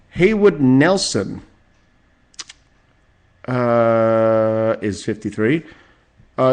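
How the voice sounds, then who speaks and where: A man in his forties hosting a solo podcast, reading out celebrity birthdays with rambling, profane asides and chuckles. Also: mid-range voice. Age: 40s. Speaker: podcast host.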